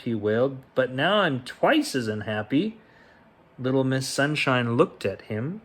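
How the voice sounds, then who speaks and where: With a husky, medium-pitched voice that gets very animated, a man reads a children's picture book as a bedtime story. The pace is gentle and unhurried, and the quotes get their own distinct rises and falls.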